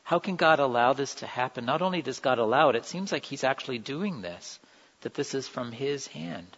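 A male preacher with a mid-range, husky, slightly bright voice speaks animatedly and fairly quickly. He delivers an earnest, conversational sermon, acting out quotations with feeling, captured as dull sound in a reverberant hall.

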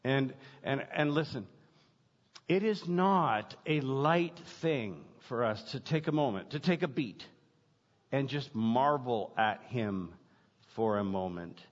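A man preaching a sermon as pastor, emphatic, building points through repetition and dramatic pauses. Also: medium pitch, lively intonation. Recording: dull lo-fi sound with long hall reverb.

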